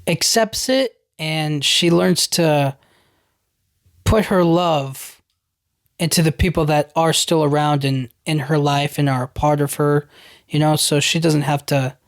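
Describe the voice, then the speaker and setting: A man's voice: on the high side, no room sound, studio quality. A young man hosting a podcast, recapping a film in a loose, rambling way, full of "like" and "you know what I mean". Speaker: podcast host.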